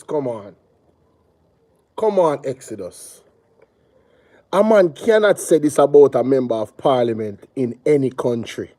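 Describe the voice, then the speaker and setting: A man's voice: mid-range voice, lively intonation, measured pace, pauses often, mellow, no echo. A man with a Jamaican accent hosts a live reaction show. He repeats his points with emphasis and greets viewers by name between comments.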